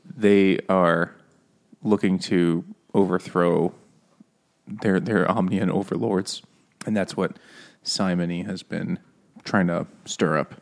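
A man co-hosting a casual book club podcast, tossing in jokes and quick asides. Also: deep voice, fairly even intonation, creaky. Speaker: podcast co-host.

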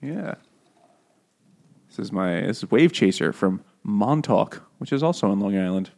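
A man's voice: lowish voice, expressive, a little slow, gravelly, a little mellow. A man in his thirties co-hosting a casual chat, swearing and laughing often as he retells stories with energy. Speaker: podcast co-host.

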